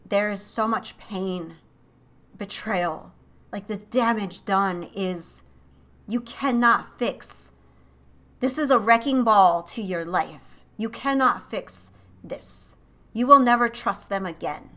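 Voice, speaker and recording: A woman's voice: mid-range voice, slow, bright, forceful tone. A woman giving an intuitive tarot reading to camera, emotive and often breaking off to exclaim as impressions come to her. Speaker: tarot reader and psychic channel.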